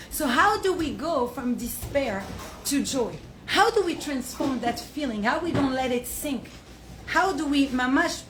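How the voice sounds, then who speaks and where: A high-pitched young woman gives a Torah class to a small audience, telling stories with animation and frequent laughter, dropping in Hebrew and Yiddish words. The room is echoey, with a faint hum of ambience behind her. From south of France. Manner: animated storytelling, laughs often; mixes in Hebrew and Yiddish terms. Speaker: Torah teacher. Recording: roomy echo, faint ambience.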